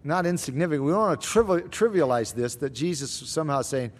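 A man answering Bible questions as a pastor, explaining scripture in a measured, teaching way. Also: fairly high pitch.

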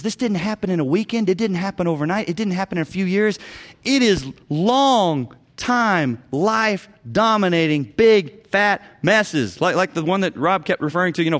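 A man teaching biblical counseling as a preacher, emphatic, swinging between loud urging and hushed low phrases and repeating key words.

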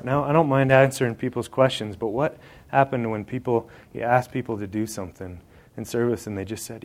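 A man's voice: mid-range voice, steady tone, a little fast. A man preaching a sermon, joking and talking straight to the congregation in an indoor hall. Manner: conversational and joking, addressing the congregation directly.

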